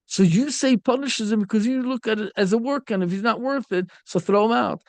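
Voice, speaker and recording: A rabbi teaching a Torah lesson, his voice high and gravelly with a rough, fried edge. He tells parables with feeling and slips into the voices of the figures he quotes. The sound is dry and close, with no room echo. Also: brisk. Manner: animated storytelling, acts out quoted speakers. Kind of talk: Torah lecture.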